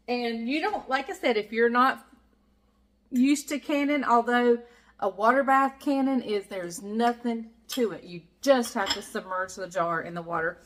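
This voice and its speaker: A woman's voice: fairly high pitch, measured pace, fairly bright tone, a little hiss or hum. Chatty Southern woman hosting a kitchen vlog. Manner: chatty, folksy, laughs often. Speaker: cooking channel host. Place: home kitchen.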